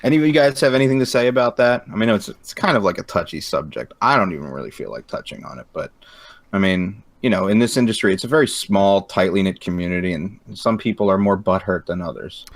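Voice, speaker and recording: A man's voice: sits low, expressive, quick pace, no echo. A man hosting a podcast in casual chat, teasing his guests and laughing often. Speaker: podcast host.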